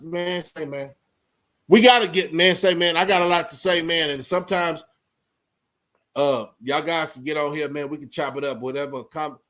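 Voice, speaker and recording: A man's voice: fairly high pitch, a bit bright. A man vlogging casually to the camera, preaching about life in a streetwise way and filling his talk with "man" and "you know what I'm saying". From Austin, Texas.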